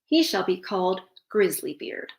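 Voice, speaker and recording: A woman's voice: medium pitch, very animated, normal speed, echoey room. A woman voicing a spiteful, haughty young princess in a read-aloud fairytale, with a scornful, whining manner.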